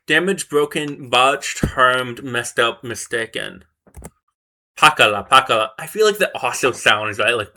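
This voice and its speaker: Bright-voiced man muttering through flashcards. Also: medium pitch. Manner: muttering, self-correcting, repeating words to memorize them. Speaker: vlogger learning a language. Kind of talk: casual thinking aloud while studying flashcards.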